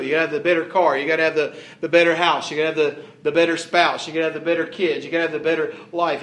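High-voiced man preaching in an echoey room. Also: a bit bright. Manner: emphatic, repetitive preaching with rising and falling force. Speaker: pastor. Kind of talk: sermon.

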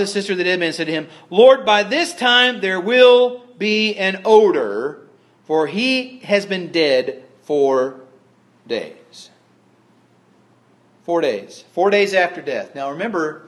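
A middle-aged man delivers a sermon in a slightly raised, fairly high register. He keeps it conversational, slipping dry humorous asides in between points. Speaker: pastor.

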